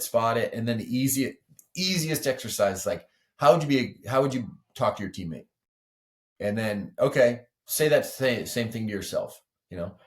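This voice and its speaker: A man, a weightlifting coach, speaking as a podcast guest in casual, earnest conversation, explaining with many 'like' and 'you know' asides. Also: medium pitch.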